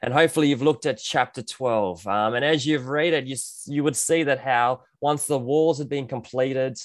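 A man preaching a sermon to his church over a video call, gentle and earnest, with frequent ums and restarts. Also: mid-range voice, normal speed, no echo. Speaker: pastor.

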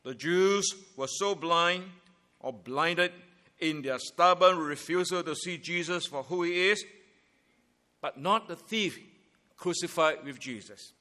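Slow, bright-voiced male preacher. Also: a little high. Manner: emphatic, deliberate preaching with stressed phrases. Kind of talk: Good Friday sermon.

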